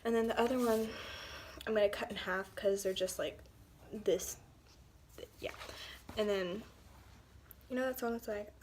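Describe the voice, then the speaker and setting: A teenage girl student chatting casually to camera, rambling, sighing and often dropping into soft near-whispers. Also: mid-range voice, steady tone, moderate pace, pauses often, a little hiss or hum. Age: teens. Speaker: student vlogger. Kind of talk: casual chat.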